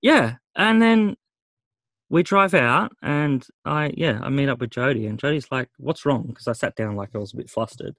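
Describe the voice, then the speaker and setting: A man's voice: medium pitch, moderate pace, no room sound. A middle-aged man, a podcast co-host telling a story in casual chat, acting out what others said and swearing freely. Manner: animated retelling, swearing, acting out quoted voices.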